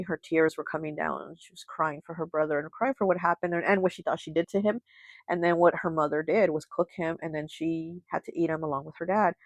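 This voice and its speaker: A woman with a low-pitched voice, who runs a tarot channel, casually narrates a folk tale, her chatter thick with fillers like "like" and "you know." It's a rough, dry recording.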